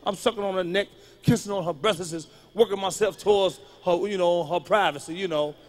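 A man performing live stand-up storytelling, profane and punchy, swinging from muttered asides to sudden yells. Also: sits high, a little fast. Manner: loud, profane, punchy delivery that jumps between muttering and yelling. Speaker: stand-up comedian.

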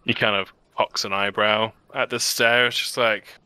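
A man narrating a tabletop game as game master, slow and full of pauses. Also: on the low side, flat delivery, bright, forceful tone, smooth, dry recording. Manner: slow, hesitant with fillers.

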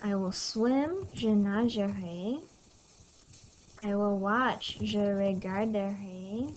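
Slow-paced woman teaching French. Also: mid-range voice, darkish tone, muffled recording. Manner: casual, chatty, apologetic asides. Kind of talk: recorded lesson over slides. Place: home. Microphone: tablet mic. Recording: scratchy audio.

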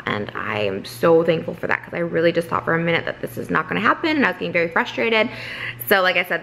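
A woman's voice: on the low side, gravelly, fairly bright tone. A woman in her twenties chatting casually to camera in a home vlog, gushing and rambling with lots of "like" fillers. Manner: gushing, rambling, says "like" a lot. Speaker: vlogger. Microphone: on-camera mic.

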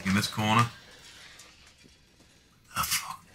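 A man's voice: takes it slowly, pushed and bright. A man casually talking to himself while playing a video game, joking and swearing freely. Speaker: gaming video host. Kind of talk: let's play commentary.

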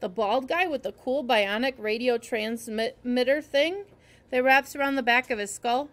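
A man's voice: very high-pitched, measured pace, a bit bright. A woman voicing a friendly, joking male ear doctor who reassures a young patient. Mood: reassuring. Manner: easygoing, reassuring.

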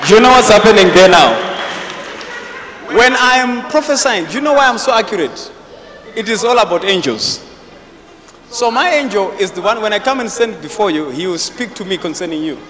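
A man preaching a deliverance sermon, forceful and repetitive, breaking into shouts. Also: high voice, animated, fairly quick. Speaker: prophet preaching. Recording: echoey hall with faint noise.

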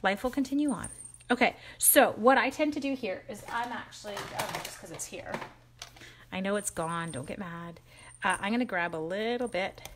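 A woman's voice: medium pitch, fairly bright tone, slight background noise. A woman hosting a live crafting stream, chatting with viewers by name and joking at her own mistakes as she works. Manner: chatty and self-mocking, greets viewers by name. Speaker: crafting livestream host.

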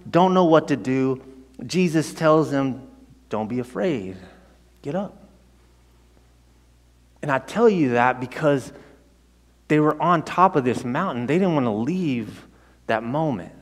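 A male pastor preaching a sermon, conversational and animated, telling the story with frequent restarts. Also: on the high side, slow. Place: church sanctuary. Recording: long hall reverb.

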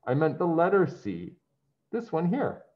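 A man's voice: fairly high pitch, wildly swooping pitch, unhurried, pitched above the performer's own voice. Man doing a patient schoolteacher lady. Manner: gentle and patient. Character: kind patient female schoolteacher. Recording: dull lo-fi sound.

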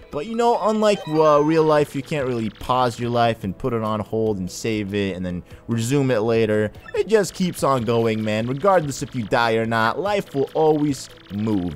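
Excitable young man doing game commentary. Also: mid-range voice, normal speed, hardly any pauses, faint music behind. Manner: excitable, casual slangy. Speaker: let's play host. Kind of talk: gameplay commentary.

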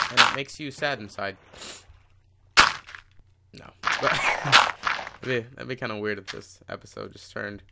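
A teenage boy chatting casually while playing a game, self-mocking and tripping over his words. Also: medium pitch. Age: teens. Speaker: gaming channel host. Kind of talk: rambling casual commentary over gameplay. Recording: loud hiss and mouse clicks.

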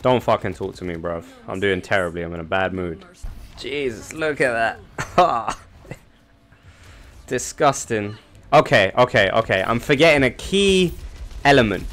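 Profane gamer, loud then muttering. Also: male voice, lively intonation, a little slow. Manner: profane, self-mocking, swings from loud outbursts to low mumbling. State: just woken up, sore throat. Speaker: gamer streamer. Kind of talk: casual gameplay commentary.

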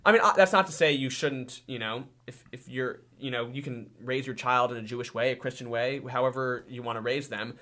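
Bright-voiced male podcast host. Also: mid-range voice, a little fast, hardly any pauses. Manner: joking, deadpan sarcasm. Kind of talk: casual chat.

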